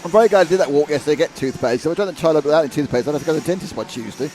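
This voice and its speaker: At an indoor RC race track, a man co-hosts casual live race commentary, joking and rambling through animated banter with his co-host. He speaks very fast in a fairly high voice, on a rough recording with slight background noise.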